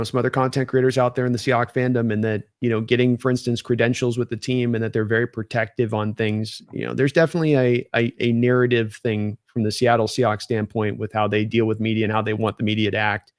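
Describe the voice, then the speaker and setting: A man's voice: medium pitch, little pitch movement, fast, no room sound, studio quality. A man co-hosting a casual sports talk stream, opinionated and rambling with restarts. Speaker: podcast co-host.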